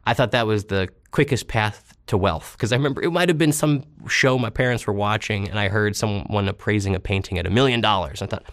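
A man's voice: lowish voice, brisk, hardly any pauses, a bit bright, no echo, studio quality. A man in his thirties, an interview guest, telling rambling stories with self-deprecating humor. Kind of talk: casual storytelling interview.

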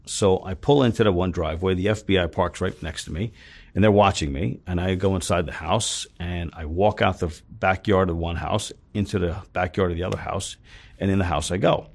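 Male interview guest, raspy low voice; intense storyteller who voices the other people in his tale. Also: fairly quick. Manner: retells scenes with quoted dialogue, swears freely; intense, emphatic when upset.

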